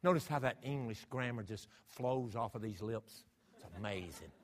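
A man's voice: mid-range voice, moderate pace. A man preaching a sermon, emphatic and full of rhetorical questions to his congregation. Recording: long hall reverb.

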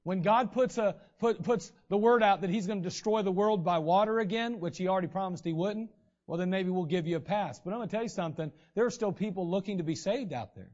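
A man's voice: high voice, quick pace, a little mellow. A man preaching a sermon in a conversational way, acting out the voices of the people he quotes. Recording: dull, lo-fi recording.

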